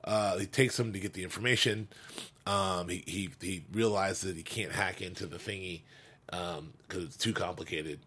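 A man's voice: deep voice, steady tone, normal speed, bright, forceful tone, slightly rough. A man co-hosting a fan after-show, chatting casually and animatedly, joking and laughing often, with many restarts. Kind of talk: casual chat.

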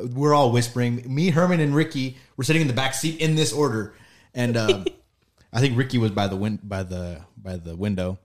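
A man's voice: medium pitch, moderate pace. A man telling a rambling story in casual chat, often breaking into laughter. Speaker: guest.

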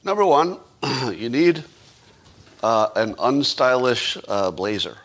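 A man's voice: mid-range voice, very animated, slow, fairly bright tone. A man giving casual livestream commentary, sarcastic, asking rhetorical questions and tossing dry asides. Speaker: political commentator.

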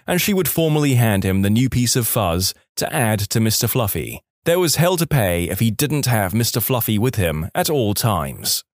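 A man reading out collected stories in a wry, deadpan-leaning narration, with a mid-pitched voice that rises and falls with a lot of life. The sound is dry and close, with no room around it. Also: no room sound. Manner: dry, wry storytelling with quoted dialogue. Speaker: story narrator. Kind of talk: scripted narration of online stories.

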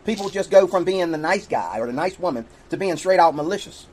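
A man's voice: high-pitched, animated, a little fast, darkish tone, low-quality recording. A man in a played clip preaching insistently, repeating questions and talking about the Lord. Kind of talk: preachy monologue.

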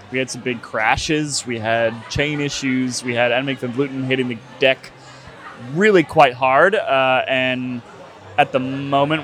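A man's voice: medium pitch, fairly bright tone. A man hosting a podcast in a casual, joking, conversational way, recorded in a tavern. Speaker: podcast host.

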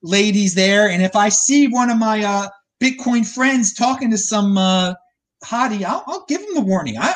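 A male podcast host jokes around with his guests in a casual, animated way, frequently restarting his sentences. His voice sits high and moves at a moderate pace.

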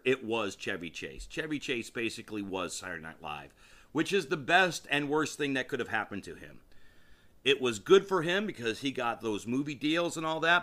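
A man's voice: medium pitch, bright, forceful tone. A man hosting a solo podcast, talking in a casual, rambling and enthusiastic way, often restarting his sentences. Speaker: podcast host.

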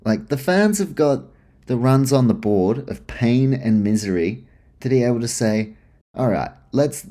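A man's voice: medium pitch, dark tone. A man hosting a casual sports talk show, blunt and frustrated, swearing freely as he gives his opinions on the teams. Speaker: sports podcast host.

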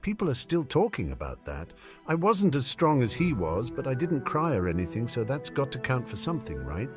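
A man's voice: medium pitch, huge pitch swings, moderate pace, music in the background. A man voicing a resentful teenage boy who speaks with dry sarcasm. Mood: sarcastic. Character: bitter, sardonic teenage boy.

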